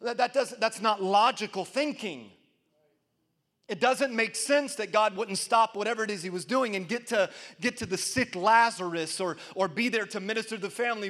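A man preaching a sermon as pastor, leading the congregation in call-and-response and building to loud, emphatic peaks. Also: sits high, normal speed.

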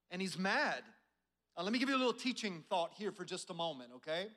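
A man's voice: sits high, animated, quick pace, bright, forceful tone. A middle-aged male pastor preaching a sermon, prompting the congregation to answer and acting out a proud general's complaints. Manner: preaching with call-and-response prompts.

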